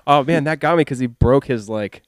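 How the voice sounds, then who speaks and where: A man's voice: mid-range voice, brisk, no echo, clean studio sound. A man co-hosting a podcast in loose, profane casual chat, quoting bits in put-on voices. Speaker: podcast co-host.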